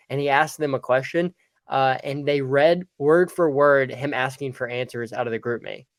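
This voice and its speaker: A man's voice: mid-range voice, no echo. A young man telling a story in casual podcast chat, rambling with lots of fillers. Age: young adult. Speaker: podcast guest.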